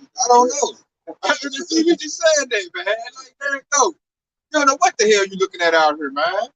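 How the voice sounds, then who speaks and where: A man preaches outdoors on a city street, slangy and exclamatory, his pitch leaping around. His voice is bright and sharp. He is picked up from some distance off, with a faint wash of street noise behind him. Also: animated, moderate pace.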